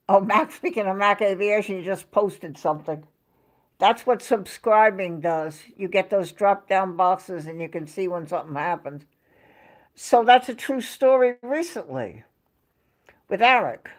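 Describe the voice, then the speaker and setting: Woman livestream host at home, rambling chatty storyteller, answers her viewers. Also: medium pitch. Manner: rambling, chatty storytelling, reading out chat names. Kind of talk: casual livestream chat.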